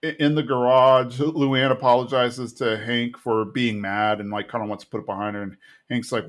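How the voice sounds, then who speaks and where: Young male podcast co-host, animated recap voice, mid pitch, casual and chatty. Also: moderate pace, hardly any pauses. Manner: animated retelling, acting out characters' lines in raised voices. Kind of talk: casual chat.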